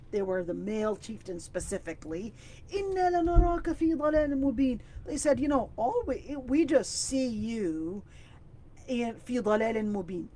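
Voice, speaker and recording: A woman teaching an online Quran exegesis class over a video call, with a faint hiss underneath. She speaks at a middle pitch and explains each word carefully. She lifts her voice to recite the Arabic verses quickly and with emphasis. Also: darkish tone.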